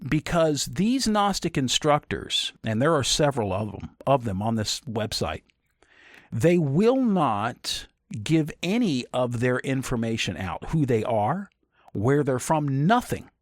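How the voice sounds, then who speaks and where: A man commentating casually on a video, joking and animated. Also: mid-range voice, unhurried, no room sound, studio quality. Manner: animated, joking, self-interrupting.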